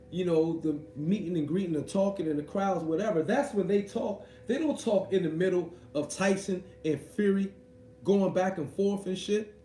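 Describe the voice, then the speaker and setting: Brief: high, mellow male voice, profane rambling rant, echoey room with faint hiss. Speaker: commentator.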